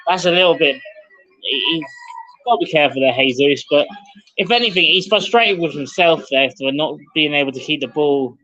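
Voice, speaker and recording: Calling play-by-play for a club's livestream at an outdoor football ground under floodlights, a man shouts out player names and raises his voice with the action. His fairly high, bright voice is animated, forceful and fairly quick, captured in dull lo-fi livestream audio.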